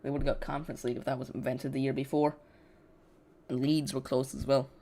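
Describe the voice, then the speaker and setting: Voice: mid-range voice, level tone, fast talker, warm tone. A host giving rambling, casual live commentary on a football match and chatting directly to viewers. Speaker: football watch-along streamer.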